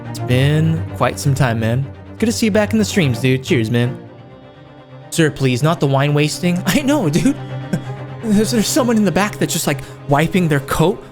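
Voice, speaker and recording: A man streaming a game, chatting casually and warmly to viewers, calling them dude and man. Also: a little high. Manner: laid-back, friendly, calls viewers dude and man. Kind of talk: casual chat with live chat viewers. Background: game music.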